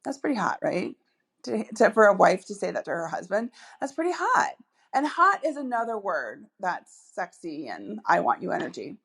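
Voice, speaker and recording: A woman's voice: mid-range voice, very animated, normal speed, creaky, fairly bright tone, husky. A woman hosting a solo podcast as a dating coach, chatty and upbeat, with many asides and fillers.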